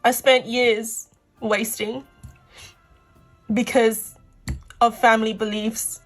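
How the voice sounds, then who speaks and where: A fairly high-voiced woman reads tarot cards for her viewers in a gushing, effusive way. She is tearful and emotional and keeps heaping praise on them. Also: level tone, slow, faint music behind. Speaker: tarot reader. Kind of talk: pick-a-card tarot reading.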